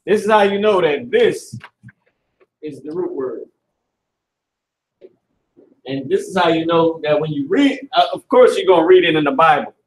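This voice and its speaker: A man's voice: a little high, expressive, normal speed, long pauses, rough recording. A man teaching a live class at a board indoors, talking in a loose, slangy, profane way and often repeating himself. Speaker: Hebrew class instructor.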